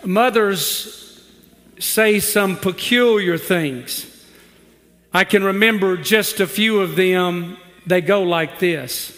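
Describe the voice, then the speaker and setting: A male pastor delivers a sermon in his church, having the congregation recite scripture back and building humorous stories toward rising emphasis. He speaks slowly in a high, slightly bright voice that carries a big-room sound.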